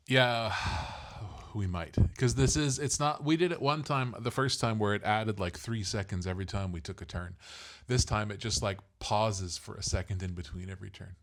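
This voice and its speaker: A man's voice: lowish voice, moderate pace. A middle-aged father co-hosting a casual family podcast, rambling and self-deprecating as he explains things.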